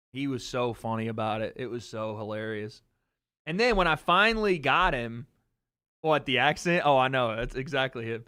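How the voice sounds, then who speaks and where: A man's voice: mid-range voice, moderate pace, clear, resonant tone, dry recording, studio quality. A man hosting a livestream, casually telling a story and answering his chat. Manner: animated storytelling, talks to chat. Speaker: livestream host.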